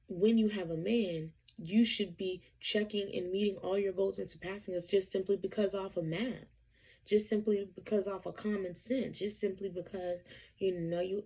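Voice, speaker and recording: Gravelly, emphatic woman vlogger. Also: lowish voice, mellow. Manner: emphatic, repetitive, conversational. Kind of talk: casual opinion talk to camera.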